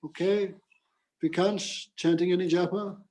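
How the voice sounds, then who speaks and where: A man with a somewhat high voice teaches a scripture class. He explains patiently in simple words. His teaching is woven with stories and bursts of chanted mantras. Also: steady tone, unhurried, a little mellow. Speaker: spiritual teacher.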